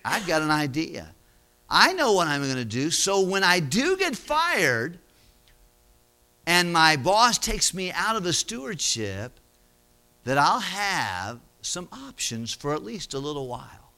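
A man's voice: on the high side, big pitch swings, measured pace, pushed and bright, full character voice. A man voicing an anxious middle-aged steward who mutters worriedly about losing his job. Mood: resolved.

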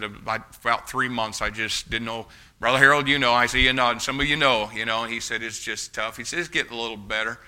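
A man's voice: mid-range voice, sharp tone, smooth. A man preaching, telling a folksy personal story and urging his congregation on. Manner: folksy storytelling, rises to fervent exhortation. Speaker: pastor. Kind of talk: sermon with storytelling.

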